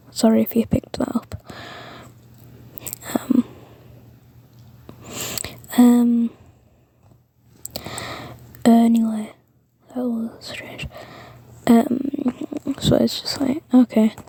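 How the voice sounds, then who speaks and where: A woman's voice: fairly high pitch, vocal fry, warm tone, husky, no room sound. A woman whispering a rambling fan-fiction story, with many fillers and self-corrections. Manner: mostly whispered.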